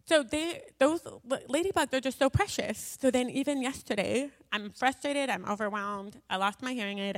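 Her voice sits on the high side with vocal fry and a fairly bright tone as this woman recounts her faith testimony to a gathering. She chats along with plenty of fillers and asides, recorded with long hall reverb.

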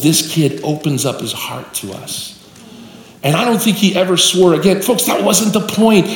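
Storytelling preacher man in an echoey hall. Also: on the high side. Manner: folksy storytelling, addresses the congregation. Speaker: pastor. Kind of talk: sermon. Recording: echoey live hall with room noise.

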